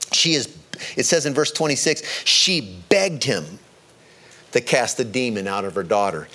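A man preaching a sermon, stressing key words and slowing down to drive his points home. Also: a bit bright. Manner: emphatic, rises in pitch on key words, slows to stress points.

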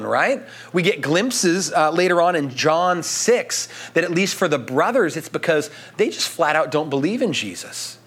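Animated high-voiced male preacher. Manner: animated, conversational, frequent "right?" asides. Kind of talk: sermon.

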